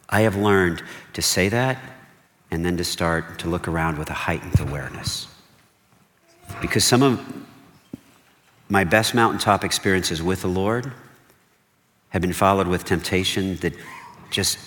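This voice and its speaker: His voice sits low as this pastor delivers a lively sermon in a conversational style. He issues repeated, forceful warnings and keeps asking the congregation "okay?", all captured with long reverb from the hall.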